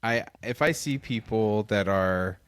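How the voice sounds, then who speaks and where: A man's voice: fairly low pitch, measured pace, a bit bright, clean tone, no echo. A man co-hosting a podcast, chatting casually and rambling with many restarts. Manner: rambling, thinks aloud with many likes and restarts. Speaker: podcast co-host. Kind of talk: casual chat.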